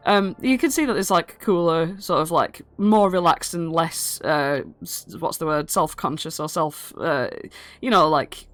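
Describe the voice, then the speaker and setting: A woman's voice: deep voice, a little slow, no echo. Rambling woman game master. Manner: rambling, full of fillers, animated. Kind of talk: narrating a tabletop game.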